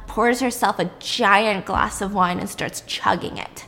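A young woman recapping a show in a casual, animated, chatty way, acting out the drama as she goes. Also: mid-range voice, measured pace, gravelly, hardly any pauses. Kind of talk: casual chat. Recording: long reverb.

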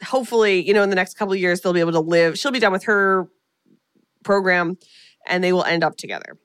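A woman's voice: lowish voice, fast talker, fairly bright tone, smooth, no room sound, studio quality. A woman co-hosting a podcast, recapping a film in a rambling, casual way with lots of fillers. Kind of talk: casual chat.

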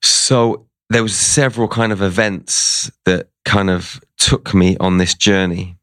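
Male interview guest, low voice, dry close sound, chatty storyteller who acts out the lines people said. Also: fairly even intonation, a little slow, fairly bright tone, no room sound. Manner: conversational, retells events with quoted dialogue.

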